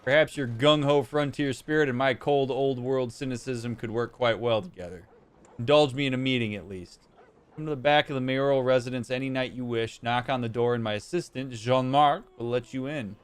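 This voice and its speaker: A man's voice: mid-range voice, a little fast, smooth, close to an everyday voice. A man hamming up a stuffy old-world politician's letter. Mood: mock formal. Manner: mock formal, overly polished reading.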